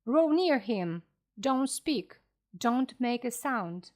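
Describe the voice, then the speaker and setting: Brief: fierce old one-legged sea captain, barked slow orders, fairly high and lively, read by a woman. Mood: commanding. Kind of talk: storybook reading.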